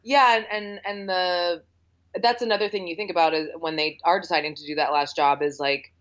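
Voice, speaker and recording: A woman's voice: fairly low pitch, fairly even intonation, fairly quick. Lo-fi chatty woman film critic. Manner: chatty, laughs often. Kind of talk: casual film podcast chat. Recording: dull lo-fi sound.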